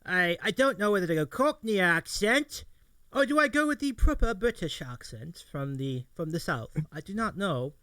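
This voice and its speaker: Male talk host, high-ish bright voice, upbeat, self-mocking. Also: lively intonation, normal speed, smooth, no room sound. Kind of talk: casual interview chat.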